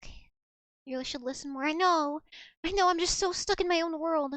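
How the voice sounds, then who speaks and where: A woman's voice: very high voice, brisk, a bit bright, no room sound. A young woman streaming casually, chatty and giggly, rambling through stories as she talks to her chat. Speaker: streamer learning Russian.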